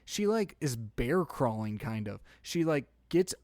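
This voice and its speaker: A young man co-hosting a podcast, telling animated family stories with frequent laughs. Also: medium pitch, unhurried, no echo, studio quality. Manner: animated storytelling, laughs often. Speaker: podcast co-host. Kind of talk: casual chat.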